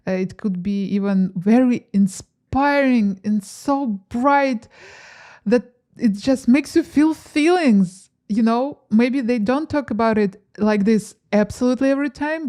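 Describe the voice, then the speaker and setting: Woman, tarot reader, mellow warm tone, gentle musing delivery, soft laughs and fillers. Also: mid-range voice. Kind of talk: pick-a-card tarot reading to camera.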